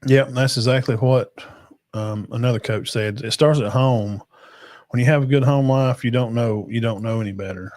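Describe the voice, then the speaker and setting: A man's voice: medium pitch, moderate pace, a little mellow. A man holds forth on a casual sports livestream. He rambles, circles back, and leans hard on his points while talking straight to his chat and guests. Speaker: podcast host.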